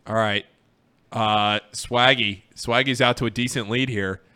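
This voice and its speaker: A man's voice: medium pitch, fairly even intonation, unhurried, bright, forceful tone, clear, resonant tone. A man hosting a casual sports radio show, calling a race like play-by-play and speaking earnestly when he looks back on his time there. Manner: earnest and sincere when reflecting. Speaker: radio host.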